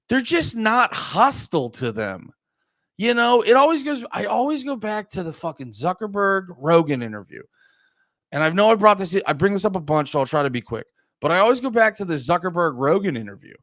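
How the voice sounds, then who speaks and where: A young man hosting a live stream rants in a loose, profane way, stumbling through restarts and slipping into mocking voices. His voice sits a bit high for a man. The sound is dry and close, with no room around it. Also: brisk, no echo. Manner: animated, profane, many restarts, mocking put-on quotes. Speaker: streamer and podcast host. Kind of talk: casual live-stream rant.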